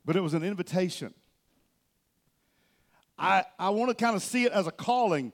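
A male pastor preaching a sermon from a church stage, telling the story with animation and swinging between loud and soft. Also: high voice, animated, normal speed, vocal fry, long pauses.

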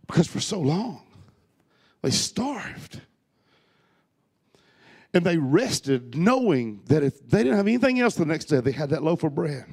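A man preaching a sermon to his congregation, swinging from loud urging to soft, hushed storytelling. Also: a little high, very animated, unhurried, creaky, pauses often, breathy edge, no echo. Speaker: pastor. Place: church hall with a congregation.

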